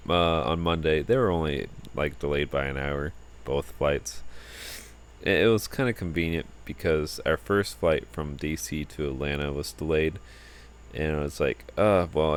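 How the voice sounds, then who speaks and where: Super deep tired dude rambling, gravelly, pitch jumps around a lot, faint hiss. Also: male voice. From United States. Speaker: vlogger. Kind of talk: casual rambling vlog talk.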